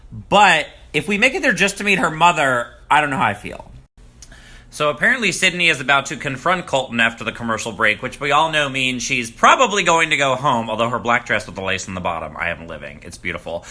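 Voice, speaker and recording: Bright, chatty man recapping a reality show. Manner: animated, gossipy, swings into high mocking quotes. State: groggy morning voice. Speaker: recap vlogger. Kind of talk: casual commentary.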